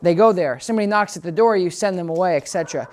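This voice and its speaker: Over background music, a woman dog trainer walks through a training demonstration in a chatty, explanatory way, often restarting her sentences. Her voice is lowish and darkish, and she talks rapid-fire.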